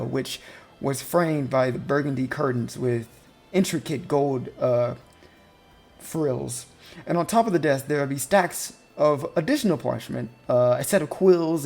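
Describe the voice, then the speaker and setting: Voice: mid-range voice, vocal fry, a little mellow. Game master narrating with many fillers. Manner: descriptive, with frequent ums and uhs.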